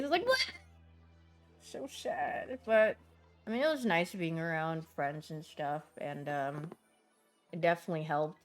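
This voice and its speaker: A young woman streaming, chatting casually with her viewers and telling stories with lively voiced reactions. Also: fairly low pitch.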